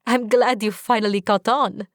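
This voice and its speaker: A woman's voice: fairly high pitch, fairly even intonation, normal speed, dry recording, studio quality, lightly acted. A woman playing a giggly young princess. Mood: playful.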